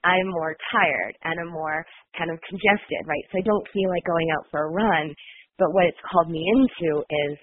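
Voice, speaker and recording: A woman's voice: on the low side, moderate pace, no room sound. A woman with a nasal, congested voice from a cold, talking earnestly and reflectively as a guest. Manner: flowing, earnest, with many um's. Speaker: guest, healer. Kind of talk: reflective conversational talk. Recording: phone-like call audio.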